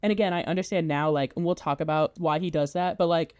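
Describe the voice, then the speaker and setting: A woman's voice: deep voice, steady tone, fast talker, a little mellow, no echo, clean studio sound. A woman giving a casual, chatty plot recap as a video essayist, talking in a loose conversational way.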